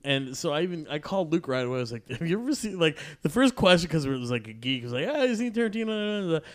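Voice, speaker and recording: A man's voice: fairly high pitch, expressive, fast, a bit bright. Profane, laughing man telling a story. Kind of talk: casual anecdote among friends.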